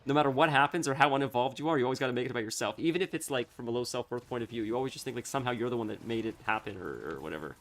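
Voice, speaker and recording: A man's voice: medium pitch, a bit bright. Rambling man chatting while gaming. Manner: rambling, thinking aloud, quick to laugh. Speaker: streamer. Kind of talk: casual chat while gaming.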